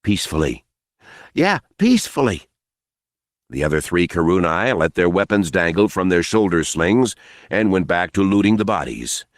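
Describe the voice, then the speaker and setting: A man reading a novel aloud as audiobook narrator, expressive and dramatic. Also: low-pitched, normal speed, no room sound, clean studio sound.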